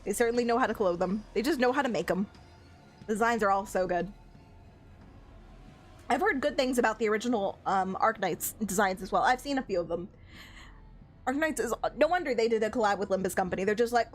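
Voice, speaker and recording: A woman's voice: mid-range voice, expressive, brisk, long pauses, soft background music. A young woman streaming a game, chatting casually, gushing about the characters and giggling often. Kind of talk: casual gameplay commentary.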